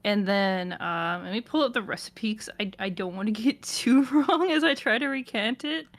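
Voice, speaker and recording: A woman's voice: mid-range voice, moderate pace. A woman co-hosting a livestream, chatting casually with fillers and small laughs. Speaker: co-host.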